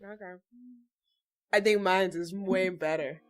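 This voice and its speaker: A woman's voice: fairly low pitch, steady tone, a little slow. A woman co-hosting a let's play, chatting playfully and putting on voices for the game's characters. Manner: giggly, voices game characters. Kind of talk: playful game voice-acting chat.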